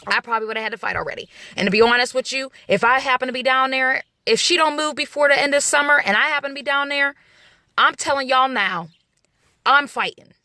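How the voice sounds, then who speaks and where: A mother vents straight into the camera, blunt and heavy with profanity and hard emphasis. Her voice sits high and sharp, and the recording is dry and close with no room sound. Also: a little fast, no echo. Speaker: vlogger, mother.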